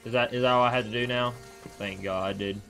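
A man streaming a video game, reacting with excited, profane casual commentary. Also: medium pitch, a little fast, creaky, faint music behind.

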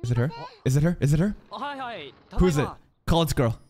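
A man reacting live to an anime episode, excitable and profane, talking back at the screen. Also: fairly high pitch, a little fast.

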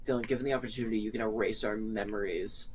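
A man's voice: on the low side, fairly even intonation, fast, slight background noise, poor audio. A young man joking and teasing his friends during a casual gaming session, laughing often.

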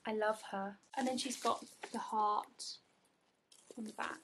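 A woman from the north of England, gushing and gasping through an excited unboxing in a home vlog. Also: mid-range voice, a little slow, a little hiss or hum. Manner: gushing, gasping, breathy asides. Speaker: vlogger. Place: home room, indoors.

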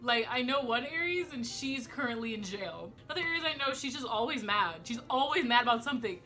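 A young woman chatting fast and rambling to camera at home, swearing often, with a slight speech impediment. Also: fairly high pitch, expressive, bright, forceful tone, faint music behind. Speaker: vlogger. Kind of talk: casual chat to camera. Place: home room.

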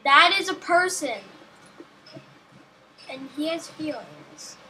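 A woman's voice: high voice, animated, slow, noisy background. A woman giving casual, rambling gameplay commentary, talking to herself and joking as she plays. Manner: rambling, self-talking, jokey.

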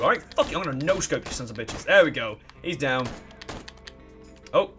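A man with a fairly high and very lively voice, swearing, excitable and sarcastic as he comments on a video game. Game music plays faintly behind him. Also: a little fast, long pauses. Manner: profane, excitable and sarcastic, with mocking put-on voices. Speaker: let's play gamer. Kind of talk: casual gameplay commentary.

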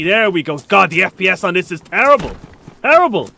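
A man streaming a survival game, chatting casually and excitably, with frequent swearing. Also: sits high, fairly quick, creaky, a little hiss or hum. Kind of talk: casual live-stream commentary.

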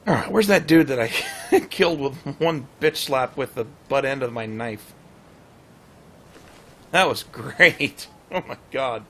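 A man's voice: mid-range voice, moderate pace. A man casually commenting on his gameplay livestream, playful and laughing often as he chats to his cat. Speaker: game streamer.

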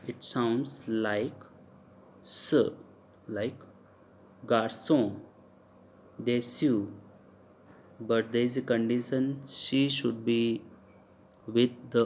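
A man with an Indian English accent teaching French pronunciation in a lecture, halting often with fillers and repeating example words. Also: mid-range voice, darkish tone, slight background noise.

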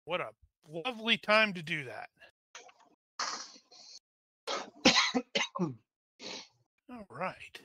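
Slow, bright-voiced male game master. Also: high-pitched, sing-song, a little hiss or hum. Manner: methodical, narrates dice rolls aloud. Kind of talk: running a tabletop combat.

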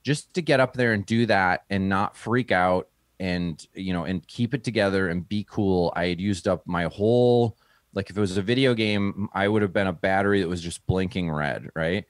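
A man who is a comedian, telling a story in a relaxed interview and acting out the people he quotes in a higher voice. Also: moderate pace, no room sound, studio quality. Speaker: stand-up comedian, guest.

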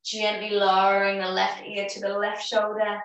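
A woman teaching a yoga class, calmly cueing each breath and movement with warm encouragement. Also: mid-range voice, normal speed, distant mic. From Australia. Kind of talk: guided yoga class instruction. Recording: very echoey room, voice off-mic.

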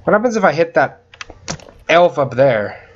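A young man giving casual gaming commentary, excitable, yelping, whooping and swearing often as he plays. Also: a little high, normal speed, dull audio, slight background noise. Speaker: gaming channel host.

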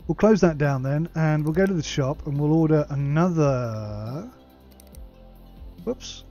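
A man's voice: fairly high pitch, a little slow, mellow, highs cut off, soft background music. A man hosting a let's play, reading game text aloud and muttering asides to himself. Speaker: gaming channel host.

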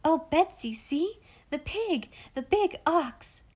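A woman voicing a very young, excited little girl in a read-aloud storybook. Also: slow. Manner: high, eager, squealing.

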